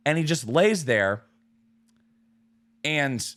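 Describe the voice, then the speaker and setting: A man's voice: on the high side, very slow. A young man co-hosting a casual podcast, telling a long story with plenty of swearing and acted-out voices. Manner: animated storyteller, swears freely, acts out quoted voices. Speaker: podcast co-host.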